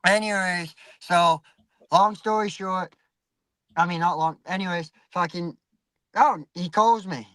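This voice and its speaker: A man's voice: sits high, a little slow, bright, forceful tone, no room sound, low-quality recording. A man telling a rambling, profanity-heavy story in casual chat, acting out the voices of people he quotes.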